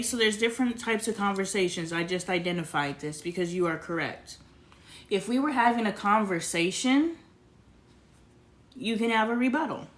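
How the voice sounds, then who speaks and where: A woman's voice: mid-range voice, a bit bright. A young woman hosting a casual family livestream, talking bluntly in a lecturing tone and swearing freely. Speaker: livestream host.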